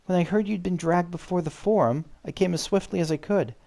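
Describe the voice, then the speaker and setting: A man with a gruff voice reading a refined, sassy middle-aged noblewoman from a game, in a put-on refined tone. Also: sits high, a little fast, warm tone, voice pushed up. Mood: gracious. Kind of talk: reading game dialogue aloud.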